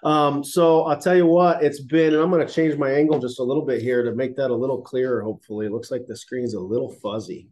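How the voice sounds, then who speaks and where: A man's voice: mid-range voice, fairly even intonation, quick pace, hardly any pauses, a little mellow. A man in his thirties, a chiropractor giving a casual livestreamed health talk, sounding congested and nasal, folksy and enthusiastic, recorded on laptop and phone mics.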